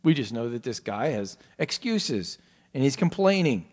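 A man's voice: medium pitch, very animated, normal speed. Emphatic male preacher with rhetorical questions. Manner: emphatic, swings from loud stresses to quiet asides; asks the listeners rhetorical questions. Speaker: pastor. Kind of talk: expository sermon.

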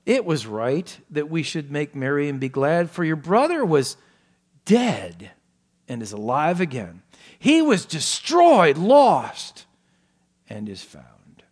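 A man preaching an expository sermon as pastor, stressing words hard and dropping to quiet asides, asking his listeners questions. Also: mid-range voice. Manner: emphatic, swings from loud stresses to quiet asides; asks the listeners rhetorical questions.

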